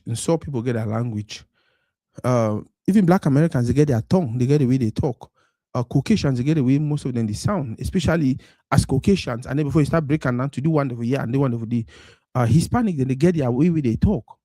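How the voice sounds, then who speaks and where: On a studio-quality recording with no echo, a Cameroonian man with a Pidgin English accent hosts a live stream. His mid-range, dark voice moves quickly through a casual monologue that slides between Pidgin and English, acting out quoted voices.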